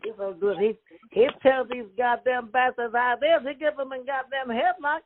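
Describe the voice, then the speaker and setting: A man putting on a high, foul-mouthed Ukrainian character over the phone. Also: fairly even intonation, normal speed, slight background noise. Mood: brash. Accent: put-on Ukrainian. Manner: broken English, swearing, blunt. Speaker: caller. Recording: tinny phone line.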